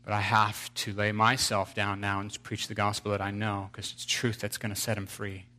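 A man's voice: fairly low pitch, flat delivery, moderate pace, bright, forceful tone. A man preaching an earnest sermon, telling a story to his congregation.

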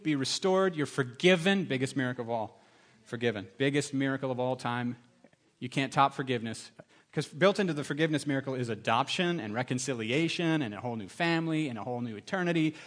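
A middle-aged man preaching a sermon, telling stories with lively, animated delivery and acting out other people's voices. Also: fast talker. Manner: animated storytelling, acts out voices with big pitch jumps. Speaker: pastor.

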